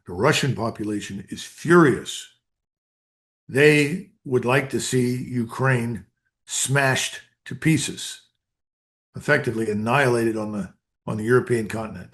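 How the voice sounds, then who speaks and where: A man's voice: medium pitch, fairly bright tone. An older American man and retired colonel, a guest giving blunt, emphatic answers in an interview. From United States. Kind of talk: interview commentary.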